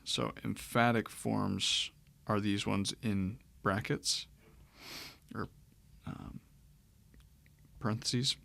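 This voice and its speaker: A man teaching Greek grammar in a relaxed, explanatory way as he walks through a screen-share lecture, with frequent fillers. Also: lowish voice, takes it slowly, creaky, no echo.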